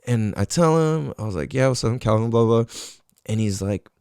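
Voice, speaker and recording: A man's voice: mid-range voice, expressive, a little fast, a little mellow, clean tone, dry recording, studio quality. A man hosting a podcast, telling a story casually and swearing a lot. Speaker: podcast host.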